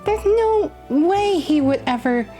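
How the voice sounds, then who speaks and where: A woman voicing a grieving young woman in a game, high and strained, close to tears. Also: lively intonation, takes it slowly, dark tone, soft background music, exaggerated voice. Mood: upset, disbelieving.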